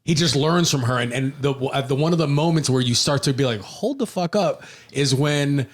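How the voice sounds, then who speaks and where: A man's voice: mid-range voice, fairly even intonation, brisk. A man with an ordinary mid-range voice, chatting as a guest on a podcast. He recounts a story with animation, quoting characters directly. He hesitates often with fillers and restarts. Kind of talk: casual chat.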